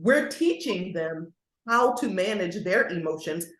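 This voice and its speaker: A woman's voice: fairly low pitch, measured pace, roomy sound. A woman, an early learning consultant and former teacher, talks earnestly and with animation in a podcast interview. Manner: earnest, animated, slips into classroom voices.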